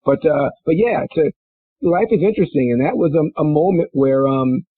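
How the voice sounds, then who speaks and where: A man's voice: lively intonation, moderate pace, breathy edge, dry recording. A middle-aged man from Minnesota, a former football player, telling stories in a rambling, casual way with many restarts and fillers. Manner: rambling, many restarts and fillers, laughs into high-pitched bursts. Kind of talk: casual storytelling interview. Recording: dry, phone-like line.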